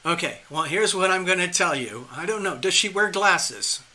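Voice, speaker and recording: A man reading tarot live for a viewer, talking in a rambling, animated way with frequent restarts and chuckles. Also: high voice, normal speed. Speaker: tarot reader hosting a live stream.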